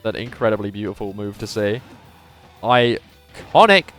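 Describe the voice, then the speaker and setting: A man calls a live video game tournament in a punchy, emphatic commentator voice and chats with his viewers between the plays. His voice sounds a little worn and strained. Faint music runs quietly underneath. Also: medium pitch, moderate pace. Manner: animated commentator voice, says his voice is going. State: slightly strained voice.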